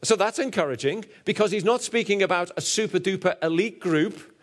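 Speaking a little fast, a preacher with a Liverpool accent brings humor to his sermon, alternating hushed asides with booming emphasis.

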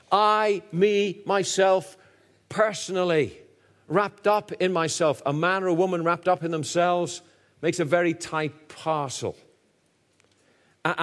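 A man with a Liverpool accent preaching a sermon with humor, his delivery swinging between booming emphasis and hushed asides.

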